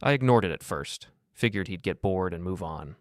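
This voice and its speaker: Man, first-person story narration, low voice, flat detached delivery, dry close sound. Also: moderate pace, no echo.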